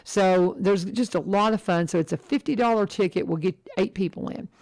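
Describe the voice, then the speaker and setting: Chatty woman radio host, gravelly. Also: medium pitch, fairly quick. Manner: chatty, animated, laughs often. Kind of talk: casual radio chat.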